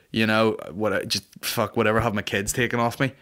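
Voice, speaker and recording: Sweary, rambling comedy podcast host. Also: male voice, on the low side, flat delivery, fairly quick, fairly bright tone. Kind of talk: casual comedic rant.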